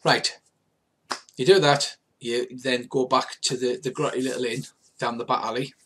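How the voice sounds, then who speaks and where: An older man is game-mastering a tabletop game for friends, and his voice is husky and grainy. He narrates in a mid-range male voice, meandering and restarting his sentences with plenty of "uh"s. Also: mid-range voice, level tone, moderate pace. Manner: rambling, hesitant narration with many fillers.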